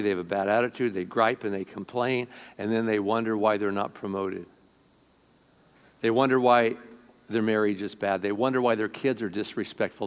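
A man preaching a sermon to a congregation as pastor, swinging between loud emphatic lines and quiet asides, often asking the room questions. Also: medium pitch. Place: church sanctuary before a congregation.

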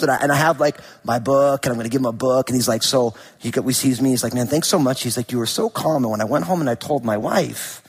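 A man preaching a sermon as a pastor, telling a story in an animated way and acting out the people in it. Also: on the high side, slightly rough. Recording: hall reverb.

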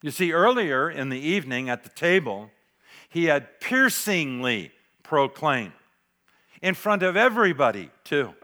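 Middle aged guy preaching, kinda high voice, drops real quiet then punches it up. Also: very animated, a little slow. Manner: dramatic, varies loudness, drops to near whisper for emphasis. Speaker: pastor. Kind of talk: sermon.

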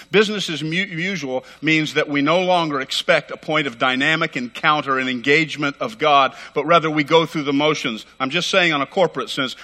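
Middle-aged man, pastor, fervent rapid sermon, bright forceful voice, long church reverb. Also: on the high side. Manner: fervent, rapid and emphatic, repeating phrases. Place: church sanctuary.

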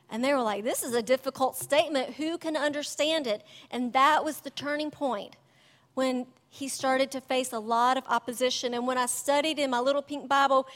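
Lady preaching, chatty and lively, pretty high voice, church hall echo trailing behind her. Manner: chatty, animated, laughs often. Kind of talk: sermon. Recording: long church reverb.

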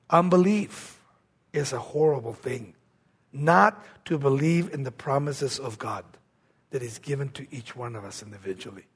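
A man preaching a sermon, swinging between raised exclamations and hushed, low-spoken lines. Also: moderate pace, gravelly, slightly rough.

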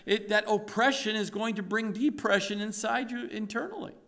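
A man preaching a sermon in an animated, emphatic way, full of rhetorical questions. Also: high-pitched, moderate pace, creaky.

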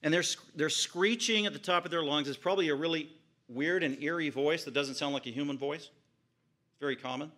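A man preaching a verse-by-verse sermon, retelling the story vividly with piled-up phrases and sudden swings from quiet murmurs to high exclamations. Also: a little fast. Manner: retells scripture vividly, piling up repeated phrases. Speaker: pastor. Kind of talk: expository sermon.

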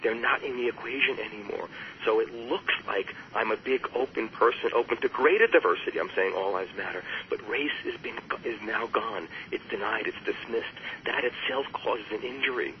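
A man who works as a therapist, speaking as an interview guest, explaining with emphasis and jumping higher when he quotes others. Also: normal speed, dull audio, slight background noise. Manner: emphatic, rises sharply on quoted voices. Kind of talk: earnest explanatory interview talk.

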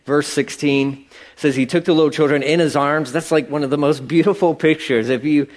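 A middle-aged man preaches with an emphatic, conversational delivery, his voice fairly high for a man. His pitch jumps up sharply when he drives a point home. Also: fairly even intonation, brisk. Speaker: pastor. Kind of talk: sermon.

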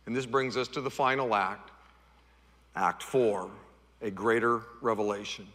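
With a measured pace and a big-room sound, a middle-aged man preaches as a pastor. His sermon shifts from loud, high-pitched refrains he repeats to soft, low tones.

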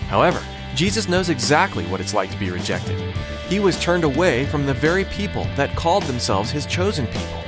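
A man with a mid-pitched voice reads a scripted devotional opening in a calm, steady manner. Plucked guitar music plays clearly beneath his words. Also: brisk. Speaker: program announcer. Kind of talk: scripted narration.

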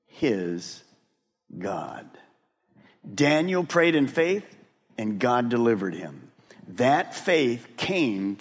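A man preaching a sermon and talking straight to his congregation. He is animated and drops to a hush for emphasis. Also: mid-range voice. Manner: addresses the congregation directly. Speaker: pastor. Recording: long reverb of a large hall.

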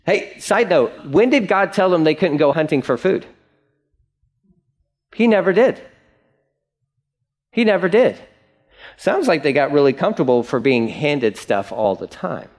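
A male pastor gives a lively, jokey sermon, slipping into quick impressions of whiny complainers. His voice sits a little higher than most men's, and he talks to the room in an easy, conversational way.

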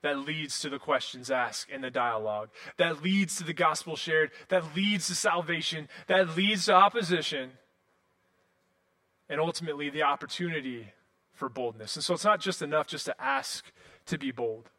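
Bright-voiced casual young pastor. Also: male voice, on the high side, normal speed. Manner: casual, animated storytelling with many fillers. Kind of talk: sermon.

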